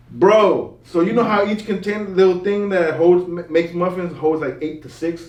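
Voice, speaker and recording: A young man tells a wild story at a high pitch, swearing and laughing through it. He is heard from a step back in a roomy, echoing space. The talk stays slangy and casual the whole way. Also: moderate pace. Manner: animated, slangy, swears a lot, laughs while telling. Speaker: podcast co-host. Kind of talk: casual storytelling among friends. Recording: echoey room, mic at a distance.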